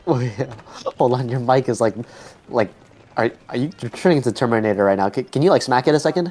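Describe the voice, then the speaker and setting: A man's voice: medium pitch, fast talker, background noise. A man co-commentating a strategy game tournament live in a casual, keen way. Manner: casual, keen, filler-heavy. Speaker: co-caster.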